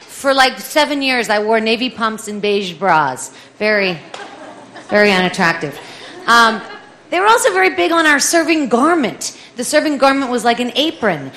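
A woman in her forties telling a comic personal story, lively and animated, acting out the voices of the people in it. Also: a little high, moderate pace. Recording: echoey room with faint ambience.

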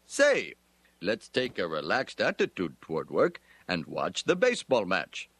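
An actor voicing an Indian cartoon shopkeeper who puts on an exaggerated fake American voice. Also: male voice, unhurried, husky, no echo, heavily acted. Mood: hearty. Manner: exaggerated, lively swings in pitch.

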